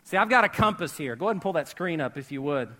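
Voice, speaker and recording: A man with a high, bright voice delivers a sermon to a live congregation. He talks like he's chatting with friends, cracks jokes and asks the room questions. His voice swells to a shout on the words that matter. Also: fast. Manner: animated, rising to shouts at key words; conversational and joking, asking the audience questions. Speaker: pastor. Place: church with a live audience.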